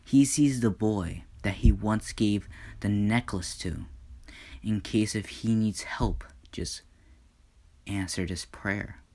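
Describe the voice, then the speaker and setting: Slow, hushed male storyteller. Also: on the low side. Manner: hesitant, dramatic, with pauses and hushed whispers. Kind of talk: improvised fan story narration.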